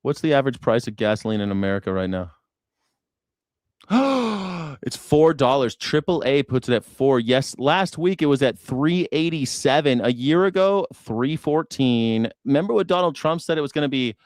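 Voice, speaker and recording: A man's voice: fairly high pitch, expressive, moderate pace, dry recording. Sarcastic, profane male streamer, dry sound. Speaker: news reaction streamer. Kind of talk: casual political commentary.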